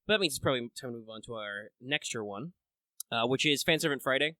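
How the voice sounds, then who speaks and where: The host's mid-range voice is forceful and bright, with lively intonation and a fast pace. He rambles through a casual podcast explaining things to his listeners, with lots of filler words and restarts, in a close, dry recording with no echo.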